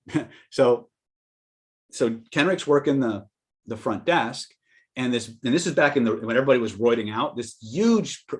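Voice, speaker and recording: A man teaching persuasion in a conversational seminar style, telling stories and acting out quoted lines with sudden loud outbursts. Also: mid-range voice. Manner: conversational, with restarts and asides to listeners. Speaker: persuasion trainer. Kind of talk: live seminar storytelling and teaching.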